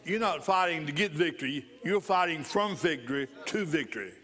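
A pastor preaches in a church, his voice sitting a little higher than most men's. He drives points home by repeating his phrases and breaks into hearty laughter as he urges joy. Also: animated, a little fast, pushed and bright. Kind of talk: sermon.

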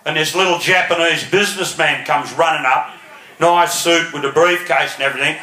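A man's voice: on the high side, fairly even intonation, fairly quick, pushed and bright. A man with an Australian accent telling a crude stand-up story, laughing and swearing as he goes. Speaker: stand-up comedian. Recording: roomy live comedy album with crowd noise.

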